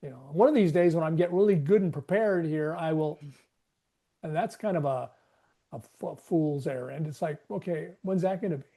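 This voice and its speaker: A man shares his thoughts in a casual group discussion. His voice is mellow and warm. He rambles and acts out a back-and-forth with himself. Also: fairly high pitch, moderate pace. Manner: rambling, self-questioning, acts out inner dialogue. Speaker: webinar participant.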